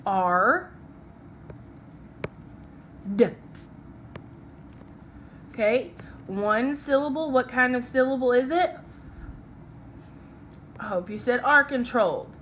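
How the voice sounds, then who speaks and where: A young woman teacher leading a phonics lesson, talking slowly and checking in often with "okay?" as she writes along. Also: sits high, a bit bright, slight background noise. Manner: slow, patient, checks in with "okay?".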